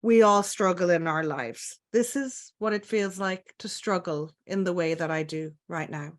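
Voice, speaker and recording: An Irish woman guides listeners through a self-compassion exercise on a webinar. Her delivery is gentle and soothing, with slow, careful pacing. The sound is that of a video call. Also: fairly low pitch. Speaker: webinar presenter.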